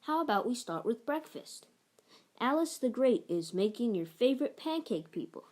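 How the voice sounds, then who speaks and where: A woman voicing a gentle, soothing mother in a children's storybook read-aloud. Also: on the high side, big pitch swings, moderate pace. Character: warm, gentle mother of a young boy.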